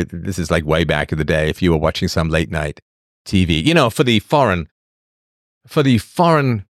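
A low-voiced man hosts a show in a casual, rambling monologue, answering the chat along the way. He throws in acted voices and asides, and the studio-quality recording has no room sound.

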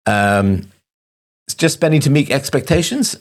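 A man's voice: medium pitch, animated, measured pace. A middle-aged man hosting a show, talking casually to listeners in a rambling, wry way with self-mocking asides. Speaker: show host.

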